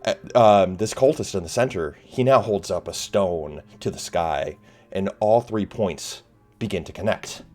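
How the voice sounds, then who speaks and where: A man's voice: low-pitched, unhurried, darkish tone, soft background music. A man narrating a tabletop game as game master, hesitant with many fillers.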